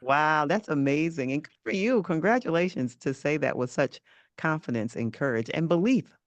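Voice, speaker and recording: Higher-pitched male host, dry close sound. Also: lively intonation, no echo. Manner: measured, affirming questioner. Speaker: podcast host. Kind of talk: interview.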